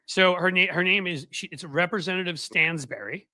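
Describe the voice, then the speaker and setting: A man hosting a political commentary show, chatting casually with a sarcastic, rambling, animated manner. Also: high voice, normal speed, no room sound.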